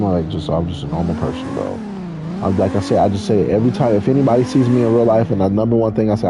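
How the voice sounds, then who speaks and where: A man's voice: lowish voice, animated, quick pace, very noisy. A man from California, a drift driver, telling rambling, profane stories in casual chat while gaming.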